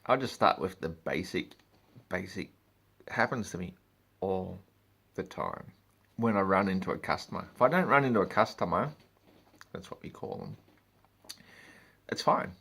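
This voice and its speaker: A man's voice: deep voice, animated, normal speed, creaky, long pauses, fairly bright tone, slightly rough. A man, ranting in a vlog about his work as a meter reader, swearing and exasperated.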